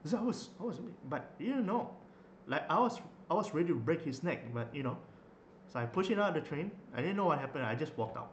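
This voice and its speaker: A man's voice: fairly high pitch, sing-song, brisk, highs cut off. A young man, telling a story in a rambling casual way with many fillers and restarts. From Malaysia. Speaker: vlogger. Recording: echoey room, faint noise.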